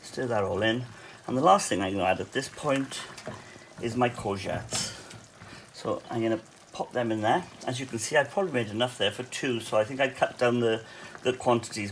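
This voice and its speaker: A man's voice: mid-range voice, fairly quick, slight background noise, rough recording. A man with a Welsh accent who cooks at a cafe, talking through a recipe in his home kitchen in a chatty way, with fillers and asides. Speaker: cafe cook hosting a cooking tutorial. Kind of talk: casual cooking demonstration.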